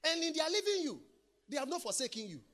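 A male preacher with a very high, bright, ringing voice delivers an emphatic sermon. He repeats phrases for weight and swings between loud declarations and hushed asides. His pitch moves a great deal. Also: sing-song, fast talker.

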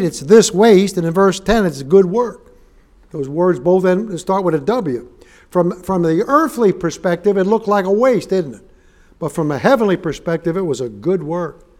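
A man's voice: sits high, darkish tone. A man preaching a sermon as a guest preacher, folksy and joking, turning emphatic when he reads scripture. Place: church sanctuary.

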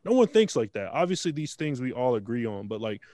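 A man's voice: mid-range voice, big pitch swings, a little fast, dark tone. A man co-hosting a podcast, arguing his point in earnest, casual debate. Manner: argumentative, earnest, talks over others. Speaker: podcast co-host.

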